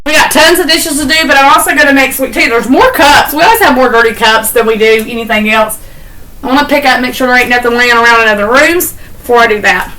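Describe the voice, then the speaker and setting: A woman's voice: on the high side, fast, sharp tone, poor audio. A middle-aged woman, chatting in a heartfelt, rambling, folksy way as she does chores for her vlog. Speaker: vlogger. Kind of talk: casual chat while doing chores.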